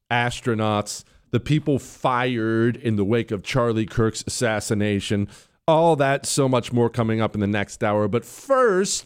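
A man hosting a talk show, telling a story in a punchy, animated way. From United States. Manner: animated, wide swings in pitch, punchy delivery. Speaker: radio talk show host. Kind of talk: casual storytelling monologue.

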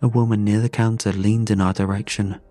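A man giving a measured, somber first-person narration of a horror story. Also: lowish voice, little pitch movement, warm tone, no room sound.

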